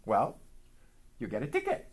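Animated man telling a sermon story. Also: medium pitch, normal speed. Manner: animated storyteller acting out dialogue. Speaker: preacher.

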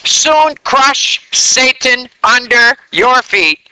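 A man preaching a sermon in an animated way, drawing call-and-response answers from the congregation. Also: extremely high pitch, drawn-out words, clean tone, poor audio.

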